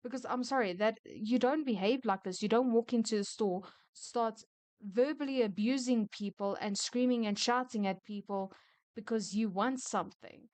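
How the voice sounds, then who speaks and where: Smooth-voiced woman reading and ranting. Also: on the high side, a little mellow, no room sound. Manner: opinionated, chatty, quick to rant. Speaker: storyteller reading retail stories. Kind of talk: casual story reading with commentary.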